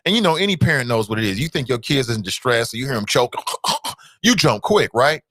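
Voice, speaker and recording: A man's voice: medium pitch, big pitch swings, a little fast, pushed and bright, dry recording. A man hosting a talk show, chatting casually and playfully, trash-talking and stretching his words. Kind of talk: casual radio-style talk show monologue.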